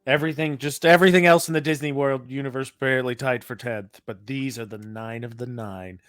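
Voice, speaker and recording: A man's voice: medium pitch, steady tone, a little fast, fairly bright tone, no echo, clean studio sound. A young man co-hosting a live stream, who also hosts a radio show, joking easily with his co-host. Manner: easygoing, teasing banter. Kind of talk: casual live-stream chat.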